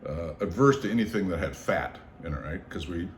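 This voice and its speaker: A man from Seattle telling a long story in casual conversation. He is animated, acts out the voices of the people in it and swears freely. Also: low voice, brisk. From Seattle, United States. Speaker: storyteller on his own show. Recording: roomy echo, faint background noise.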